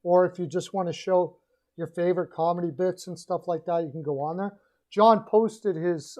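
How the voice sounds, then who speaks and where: A man's voice: sits high, a little mellow. A man hosting a casual hockey livestream, rambling and opinionated, often restarting his sentences. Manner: rambling, opinionated, self-correcting. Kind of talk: casual sports betting and hockey rant.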